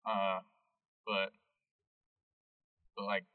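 A man's voice: low voice, level tone, drawn-out words, dry recording, recorded from a distance, phone-quality sound, voice pushed down. A man voicing a sad, apologetic townsman who rambles sheepish apologies.

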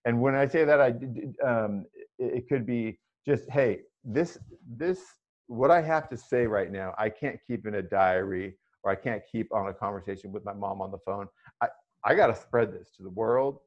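A man's voice: on the low side, moderate pace. A man interviewing a guest, asking rambling questions with many hesitations. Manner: hesitant, rambling with fillers and restarts. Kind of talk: conversational interview. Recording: slightly dull, lo-fi audio.

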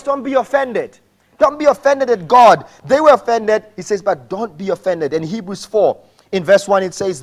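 A male pastor preaching a sermon, animated, rising to shouts and acting out the people he quotes. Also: high-pitched.

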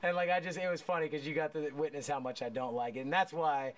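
A man with a slightly high voice hosts a relaxed chat, swearing freely and laughing through his stories. He rambles, restarts his sentences and circles back to the point. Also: fast talker. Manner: profane, laughing storyteller. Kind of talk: casual chat.

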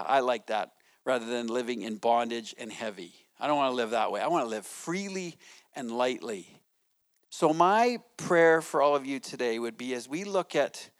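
Conversational middle-aged man preaching. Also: mid-range voice. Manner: conversational, often asks "right?". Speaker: pastor. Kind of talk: sermon. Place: church sanctuary.

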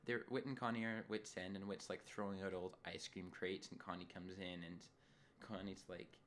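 A man's voice: deep voice, normal speed, a little hiss or hum. A man co-hosting a podcast, casually recapping a radio drama episode and acting out bits of dialogue. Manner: animated, mimics characters in funny voices. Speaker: podcast co-host.

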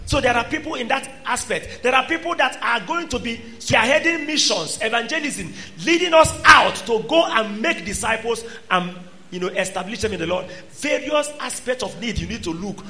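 Preacher man, high bright voice, emphatic, goes loud then quiet. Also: expressive, moderate pace. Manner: emphatic, swings between loud exhortation and quiet asides. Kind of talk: sermon.

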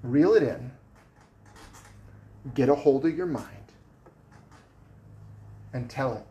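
A man's voice: mid-range voice, lively intonation, slow, long pauses, mellow, slight background noise. A man preaching a sermon as pastor, conversational and plainspoken, with casual asides to the congregation. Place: church sanctuary.

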